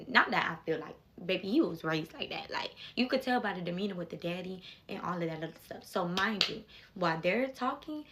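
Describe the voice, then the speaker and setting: A woman's voice: medium pitch, a bit bright. A young woman telling a personal story in a casual vlog, emphatic and talking straight to her viewers with repeated asides.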